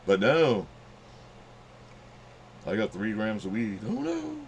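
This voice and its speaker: Low-voiced profane storytelling man. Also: slow pace, slight background noise. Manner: profane, rambling, acts out quotes in raised voice. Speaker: channel host telling a story. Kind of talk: casual storytelling monologue.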